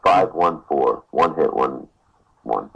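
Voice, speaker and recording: A man's voice: a bass voice, lively intonation, slow pace, creaky, breathy edge, lo-fi sound. A man playing a tabletop game, joking and bantering with the other players. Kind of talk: tabletop role-play banter.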